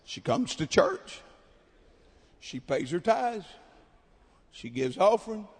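A man preaches a camp meeting sermon in a high voice. He tells a story about his congregation in a quiet, conversational way. The sound carries the long reverb of a large hall. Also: very animated, takes it slowly, husky. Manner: builds to shouted preaching, then drops to quiet storytelling. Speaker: pastor.

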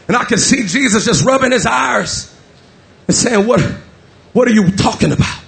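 A male pastor preaching a sermon, shouting in a rising, chanting rhythm with many drawn-out "uh" fillers. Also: very high voice, lively intonation, gravelly.

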